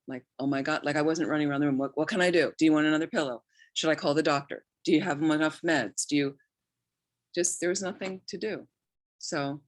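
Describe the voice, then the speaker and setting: Low-voiced woman giving a talk. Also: dry recording. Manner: conversational, anecdotal, many restarts and quoted asides. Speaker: Buddhist nun teaching. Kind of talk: informal dharma talk.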